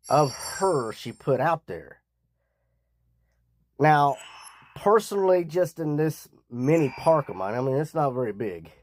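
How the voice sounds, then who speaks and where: A man's voice: a little high, a little hiss or hum. A man hosting a gaming channel, chatting casually to his viewers about a game and calling them guys. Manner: slow, drawn-out, chatty, addresses viewers as guys.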